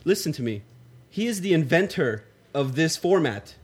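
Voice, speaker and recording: A man hosting a casual radio talk show, talking loudly and emphatically. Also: on the high side, sing-song, moderate pace, breathy edge. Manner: loud, emphatic, talks over others. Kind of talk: casual chat.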